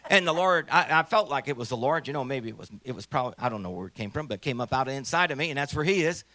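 A man in his sixties giving a folksy, excitable testimony at a church conference, urging the crowd on. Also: mid-range voice, racing, no room sound. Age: 60s. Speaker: missionary singer.

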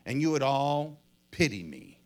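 A middle-aged man preaching a sermon, telling a story dramatically and acting out the voices and shouts of its people. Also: medium pitch, sing-song, unhurried, gravelly.

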